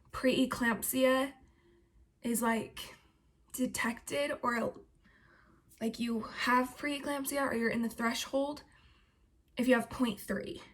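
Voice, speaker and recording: A young woman vlogging casually about her pregnancy, chatty and full of "like" and "um" fillers. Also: a little high. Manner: chatty, filler-heavy with frequent "like" and "um". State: heavily pregnant.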